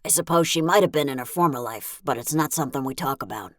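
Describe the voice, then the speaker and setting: A cranky old grandmother in her late years, grumbling her lines flat and dry, as a woman narrator puts her on. The read is close-miked and dry, with a low, full tone under the put-on age. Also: fast talker, no echo. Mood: deadpan.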